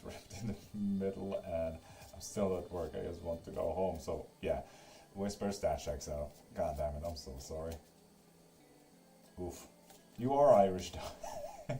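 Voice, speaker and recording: A man with a low, dark-toned voice hosts live tarot readings in a casual stream chat. He reads viewers' comments out loud and teases them, joking and swearing freely as he goes.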